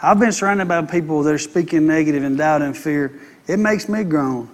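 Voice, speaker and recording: A man preaching a sermon, reading scripture slowly and breaking off to comment, then building into loud, impassioned preaching. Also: a little high.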